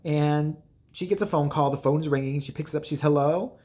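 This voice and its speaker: A man's voice: a little high, steady tone, fairly quick, darkish tone. A man hosting a casual movie review vlog, crude, rambling and jokey, acting out scenes in voices. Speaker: channel host, movie reviewer.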